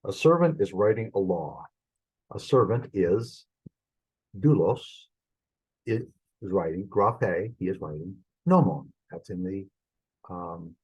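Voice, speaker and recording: A man teaching an online beginners' Greek lesson, halting and thinking aloud, saying the Greek words slowly. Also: lowish voice, warm tone, breathy edge, rough recording. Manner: halting, thinking aloud while fumbling with screen sharing. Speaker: Greek instructor.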